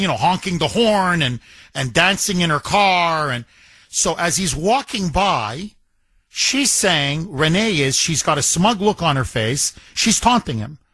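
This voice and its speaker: A man's voice: fairly high pitch, a bit bright, dry recording. A man hosting a talk radio show, describing events in an emphatic, indignant way and repeating words for stress.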